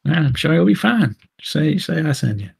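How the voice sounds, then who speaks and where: A man's voice: fairly high pitch, big pitch swings, moderate pace, gravelly, darkish tone, breathy edge, pitched above the performer's own voice, exaggerated voice. Man doing a laid-back street contact. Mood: casual. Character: streetwise male fixer's contact, "Iron".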